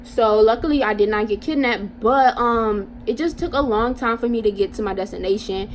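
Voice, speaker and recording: Animated young woman telling a story. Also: on the high side, moderate pace, slight background noise. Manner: animated, slangy storytelling, addresses viewers. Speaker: vlogger. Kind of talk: casual storytime monologue.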